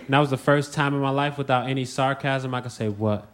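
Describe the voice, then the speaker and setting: A man's voice: mid-range voice, little pitch movement, quick pace, few pauses, crowd noise. Man telling stand-up stories over noise. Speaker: stand-up comedian. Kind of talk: stand-up comedy set. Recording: noisy live club recording.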